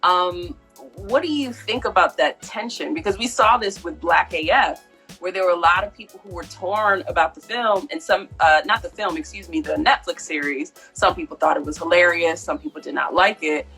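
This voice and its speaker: A woman's voice: fairly low pitch, moderate pace, a bit bright, soft background music, poor audio. A woman interviewing a guest and asking him probing questions in an earnest way.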